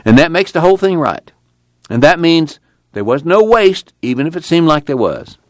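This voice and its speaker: A man doing a fervent high-voiced preacher. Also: big pitch swings, moderate pace, no room sound, studio quality. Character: excited earnest rural preacher man. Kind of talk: audiobook character voice.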